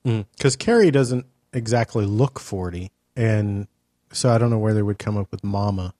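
Deadpan, teasing male podcast host. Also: lowish voice, normal speed, no room sound, clean studio sound. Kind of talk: casual chat.

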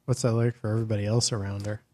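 A man's voice: on the low side, level tone, very fast, dark tone. A man hosting a casual podcast, blunt and opinionated, swearing freely and ranting about his pet peeves. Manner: blunt, profane and opinionated, with sudden outbursts. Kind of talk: casual chat.

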